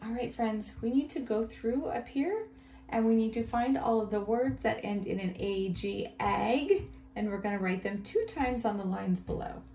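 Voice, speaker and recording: A woman teacher giving a recorded reading lesson to young children, reading each line slowly and praising often. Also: on the high side, warm tone. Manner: slow, exaggerated reading aloud with cheerful praise. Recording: echoey room, faint background hum.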